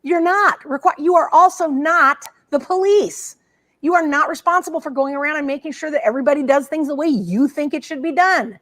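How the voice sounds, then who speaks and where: A woman's voice: high voice, a little fast, fairly bright tone. Fired-up ranting woman co-host. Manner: frank, fired-up ranting, drawling. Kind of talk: casual chat.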